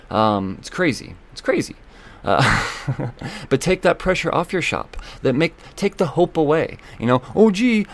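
A man hosting a solo podcast, talking loosely and excitably, swearing often and filling gaps with ums and uhs. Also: mid-range voice. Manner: loose, profane and excitable, with many fillers. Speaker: podcast host. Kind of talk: casual solo podcast talk.

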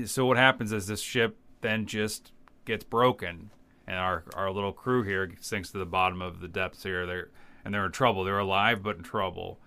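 A man in his fifties, a podcast co-host, telling a movie plot in rambling, animated casual chat. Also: low voice, moderate pace, smooth. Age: 50s.

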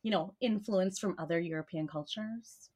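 A woman's voice: fairly low pitch, moderate pace, warm tone, breathy edge. Chatty woman author talking casually. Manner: chatty, filler-heavy, laughs through sentences. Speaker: author guest. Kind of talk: casual podcast chat.

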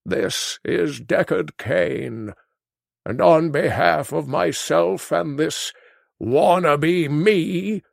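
An actor playing a cranky, indignant elderly male sage in a comedic call-in sketch, with a gravelly, drawn-out storyteller delivery. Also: on the high side, dry recording, clean studio sound, exaggerated voice. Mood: grand.

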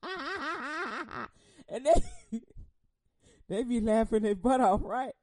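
A woman preaching a humorous sermon, telling animated stories, laughing often and acting out quotes in casual slang. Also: on the high side, takes it slowly, slight background noise.

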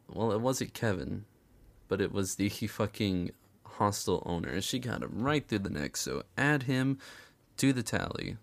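A man giving casual, profane recap commentary, sarcastic and chuckling often. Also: lowish voice.

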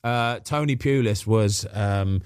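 A man's voice: lowish voice, takes it slowly, a little mellow, clear, resonant tone, dry recording, studio quality. A man in casual podcast chat, telling stories about football and acting out what people said. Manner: chatty storyteller, acts out quotes. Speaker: former footballer guest.

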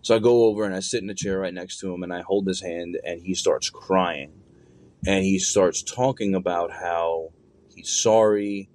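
A man's voice: sits low, steady tone, normal speed, a little mellow. A young man telling a personal story in a loose, conversational way, with plenty of fillers and slang.

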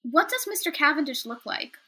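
A woman playing a tabletop game who talks casually and bluntly. Her voice is high and very bright. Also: animated, fairly quick. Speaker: player. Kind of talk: casual play.

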